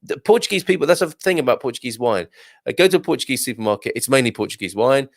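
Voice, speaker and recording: A man's voice: mid-range voice, animated, quick pace, no echo. A man hosting a casual live show, reading out viewer comments and chatting back in a jokey way with lots of fillers and restarts. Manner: reads viewer comments aloud.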